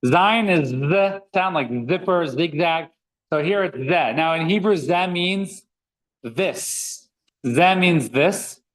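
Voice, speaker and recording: A man's voice: on the high side, slow pace, a bit bright, rough recording. A man teaching a reading class, patiently sounding out letters and words one by one for his students. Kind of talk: classroom lesson.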